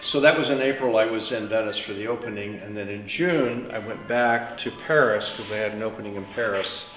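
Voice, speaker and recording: A man, a painter, talking about his work in an unhurried storytelling way, with trailing fillers. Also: lowish voice. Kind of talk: reflective studio talk. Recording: echoey room with soft music.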